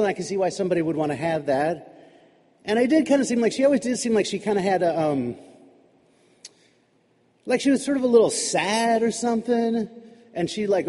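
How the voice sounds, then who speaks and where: Brief: man storyteller, chatty and animated, warm tone, long hall reverb. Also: high voice. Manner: conversational, animated, many restarts. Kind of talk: live personal storytelling.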